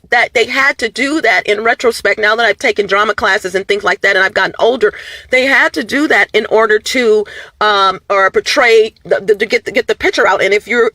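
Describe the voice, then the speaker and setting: A woman's voice: a little high, a bit bright, no echo. A woman vlogger talking casually and animatedly to her viewers, her voice going up and down. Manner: many fillers and restarts, addresses viewers as "you guys".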